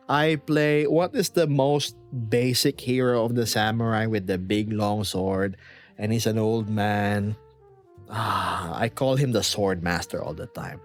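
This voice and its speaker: Slow, lively-voiced man streaming. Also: mid-range voice. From United States. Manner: rambling, playful, reads chat aloud. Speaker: VRChat streamer. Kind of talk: casual livestream chat.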